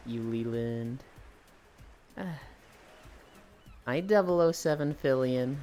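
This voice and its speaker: A man streaming live and chatting with viewers as he exercises. His talk rambles, and his pitch is animated, jumping up and down. He talks casually and loosely, like a regular addressing his chat. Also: measured pace, soft background music.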